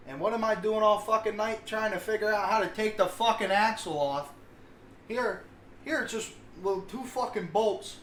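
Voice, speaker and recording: A man's voice: high-pitched, moderate pace, a bit bright. A man, co-hosting a podcast and telling rambling, self-mocking stories full of swearing. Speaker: podcast co-host. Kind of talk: casual storytelling. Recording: roomy sound with faint hiss.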